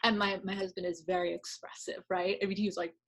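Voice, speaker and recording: A woman's voice: mid-range voice, quick pace. Chatty woman guest telling stories. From Long Island, New York. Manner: lively storyteller, laughing often. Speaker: guest, salon owner. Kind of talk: casual interview chat.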